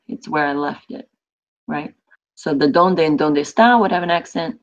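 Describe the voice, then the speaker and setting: A woman's voice: low-pitched, moderate pace. A woman teaching a Spanish class online, explaining with chatty examples and asides to her students. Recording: dull lo-fi audio.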